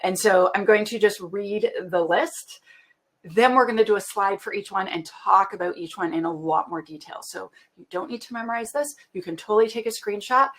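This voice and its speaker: A woman's voice: mid-range voice, normal speed, a bit bright. A Canadian woman presenting a webinar in a chatty, casual way, laughing often and using lots of fillers.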